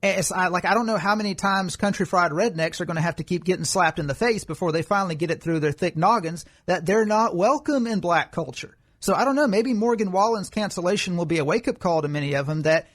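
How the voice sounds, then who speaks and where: A man's voice: sits high, fast, hardly any pauses, a bit bright. A man co-hosting a political commentary podcast, explaining his views at length in an argumentative way. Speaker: podcast co-host.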